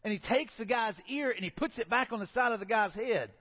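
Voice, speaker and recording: A man preaching a sermon as pastor to his congregation, earnest, sometimes dropping low and soft for emphasis. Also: fairly quick. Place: church sanctuary. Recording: dull sound with long hall reverb.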